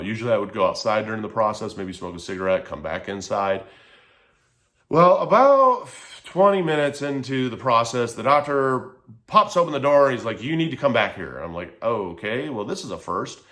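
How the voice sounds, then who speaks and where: A man telling a personal story to camera in a casual, heated, profane way. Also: on the low side. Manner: heated, profane, animated retelling.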